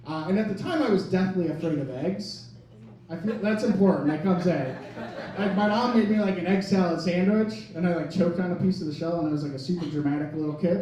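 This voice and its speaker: On a comedy club stage, a young stand-up comedian from Wisconsin tells a rambling, self-mocking story packed with "like" fillers. His voice is high, warm, and lively, fairly quick, picked up by an echoey club mic from a distance amid audience laughter.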